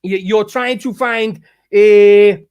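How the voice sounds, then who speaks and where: An angry man with a very high voice tears into an online rival in a profane vlog rant. He stumbles and restarts his sentences, repeating himself as he builds his case. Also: fairly even intonation, takes it slowly, a little mellow, dull audio, slight background noise. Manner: heated, profane, repetitive restarts. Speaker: YouTuber calling out a rival.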